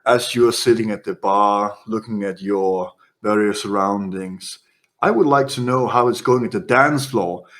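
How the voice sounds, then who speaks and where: A man's voice: on the low side, normal speed, fairly bright tone. A man narrating a tabletop role-playing game as game master, describing scenes playfully. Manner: descriptive, playful narration with brief character voices.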